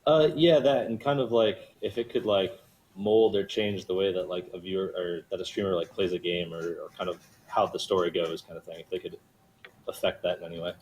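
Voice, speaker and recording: A man's voice: low voice, steady tone, fairly quick, a little mellow, a little hiss or hum, low-quality recording. A man calling in from an office to ask a question, hesitant and full of fillers. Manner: hesitant, lots of "like". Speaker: caller asking a question. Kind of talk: casual voice chat.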